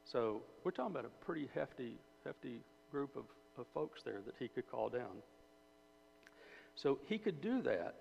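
A man's voice: mid-range voice, vocal fry, darkish tone. A man preaching a sermon in a conversational way, asking his listeners questions and often repeating and restarting phrases. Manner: conversational, asks the audience, repeats words and restarts. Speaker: preacher or Bible teacher. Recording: dull hall recording with faint hum.

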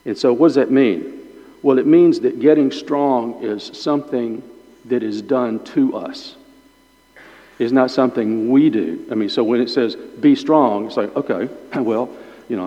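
A pastor with a warm, medium-pitched voice chews gum while teaching a Bible lesson to a small group as an informal sermon. He often repeats his words and thinks aloud, recorded in dull lo-fi sound drenched in long hall reverb.

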